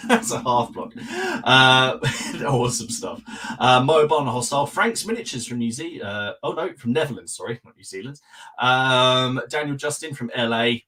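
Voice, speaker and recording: A male podcast host on a live stream, rattling off viewer greetings one after another and tossing in quick remarks between names. His pitch sits in an ordinary middle range for a man. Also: sharp tone.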